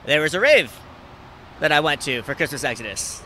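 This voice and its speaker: A man in his twenties hosting a podcast, telling stories in casual chat, animated and swearing freely, acting out the people he quotes. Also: brisk, slight background noise. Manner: animated, acts out quoted people with big jumps in pitch and loudness. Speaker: podcast host.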